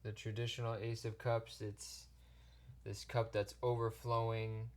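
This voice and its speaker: Low-voiced guy doing a slow tarot reading, flat and gentle, lots of restarts. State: choked up, near tears. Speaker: tarot reader. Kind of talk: pick-a-card tarot reading.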